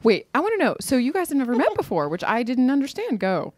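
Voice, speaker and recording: A woman's voice: high voice, wildly swooping pitch, fast talker, darkish tone, no room sound. A woman co-hosting a podcast, giggly and teasing. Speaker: podcast co-host. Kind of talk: casual podcast chat.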